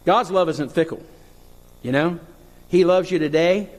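A male pastor preaching a sermon, reading scripture and rising to impassioned high cries. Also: a little slow. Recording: long hall reverb.

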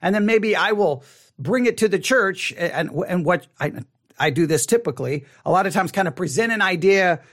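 Man, pastor, casual livestream teaching, conversational, repeats words, high voice. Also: lively intonation, normal speed, a bit bright. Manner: conversational, restarts and repeats words, asks questions. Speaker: pastor leading an online Bible study.

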